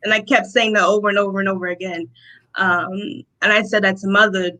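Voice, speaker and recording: A young woman from Rochester, New York, giving a personal testimony as an interview guest, telling her story in an animated way and acting out the lines of the people in it. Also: medium pitch, fairly quick, poor audio. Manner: animated storytelling, acts out quotes, laughs often.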